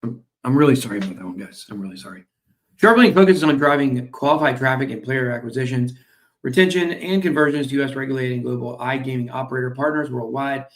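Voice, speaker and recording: A man's voice: mid-range voice, fast. A man hosting a crypto stream, casually reading and commenting on company news with jokey asides, fillers and apologies, sounding a little tired. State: tired, yawning. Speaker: crypto show host. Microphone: streaming mic.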